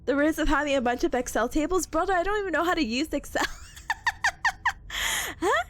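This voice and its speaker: A young woman talks to her live viewers in a very high, animated voice, full of bubbly giggles. She is sick but stays chatty and playful as she streams. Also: fairly quick. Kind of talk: casual live-stream chat.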